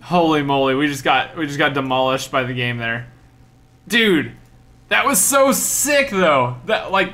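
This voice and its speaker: A young man streaming a game, giving energetic commentary and often repeating himself. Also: mid-range voice. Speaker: gaming streamer. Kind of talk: excited live gameplay commentary.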